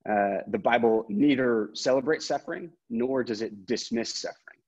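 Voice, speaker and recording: A man speaking as a pastor on a video call, earnest and halting, with many fillers, reading scripture aloud. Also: mid-range voice, husky. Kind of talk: interfaith panel talk on video call. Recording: dull lo-fi video call audio.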